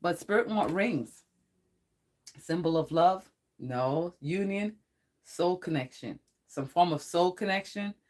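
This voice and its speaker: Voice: medium pitch, lively intonation, slow pace, a little mellow. Rambling psychic tarot reader on a live stream. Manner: rambling and talkative, often laughing; blunt and threatening toward trolls. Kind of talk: casual live-stream chat.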